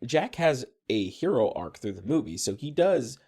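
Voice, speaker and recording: Young man, podcast co-host, casual chat, relaxed and informative, mellow, animated intonation. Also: mid-range voice, normal speed, vocal fry, breathy edge.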